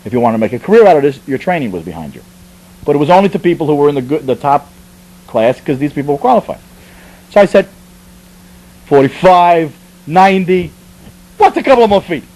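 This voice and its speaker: Animated storyteller from the Bronx. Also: male voice, fairly high pitch, fast, low-quality recording. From the Bronx, New York. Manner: animated, conversational, with frequent asides and restarts. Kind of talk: comic personal storytelling.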